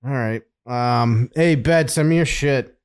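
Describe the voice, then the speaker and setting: Slow-talking man in profane banter. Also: medium pitch, smooth. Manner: profane, laughing, offhand banter. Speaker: host. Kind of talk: casual chat.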